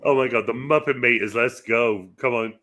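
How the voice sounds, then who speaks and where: A man joking around in a casual film chat, his voice bright and forceful at a middle pitch. He teases his friends with crude words, jumping from loud outbursts to low mutters. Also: normal speed. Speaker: movie review podcast co-host.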